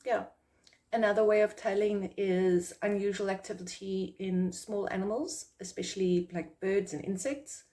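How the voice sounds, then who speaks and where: Woman, from South Africa, psychic medium, casual vlog, middle pitch, chatty, rambling, acts out quotes. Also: fairly even intonation, moderate pace, mellow. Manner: rambling, with fillers and restarts. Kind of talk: casual talking-to-camera vlog.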